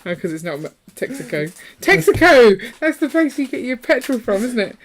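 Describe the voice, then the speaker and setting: This woman's fairly high voice has a sing-song lilt and moves a little fast. Co-hosting a live building stream, she keeps up playful, topic-hopping chatter as she builds, reading the viewers' chat messages aloud.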